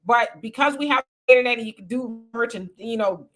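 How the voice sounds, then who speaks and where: A woman hosting a casual livestream, reading viewer comments and chatting with animated, laughing asides. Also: fairly high pitch, fast. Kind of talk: casual live chat.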